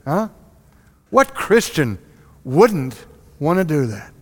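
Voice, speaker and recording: Man, sermon, rhetorical questions, animated, reverberant hall. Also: on the high side, slow pace. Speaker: preacher.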